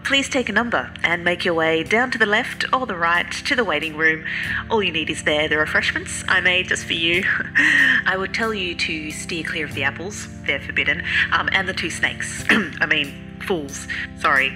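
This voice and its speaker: A woman plays a flustered, pompous God in a comic audio sketch. The voice sits low with a bright, forceful edge. It booms grandly, then mutters hasty corrections. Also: expressive, moderate pace, faint music behind, rough recording. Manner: pompous, slipping into asides. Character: God, a flustered, self-important deity greeting the dead.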